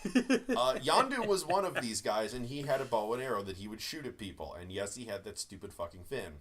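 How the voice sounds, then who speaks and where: A man's voice: medium pitch, crowd noise. A man co-hosting a podcast, chatting casually about a movie with jokes and the odd swear word. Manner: animated, swearing, quick jokes. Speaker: podcast co-host. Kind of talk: casual movie review chat.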